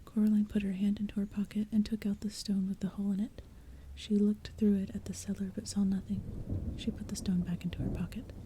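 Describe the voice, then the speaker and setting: A woman reading a storybook aloud as whispered role-play, in a soft, hushed, mostly unvoiced whisper, with faint rain behind her. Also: mid-range voice, flat delivery, brisk, hardly any pauses, husky. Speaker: ASMR audiobook reader. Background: soft rain and thunder.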